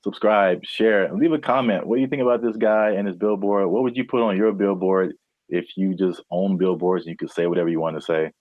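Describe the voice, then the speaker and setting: Chatty low-voiced man on a podcast. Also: fairly even intonation, fairly quick, dry recording, narrow, tinny audio. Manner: laughing often, chatty. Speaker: podcast host. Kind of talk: casual chat.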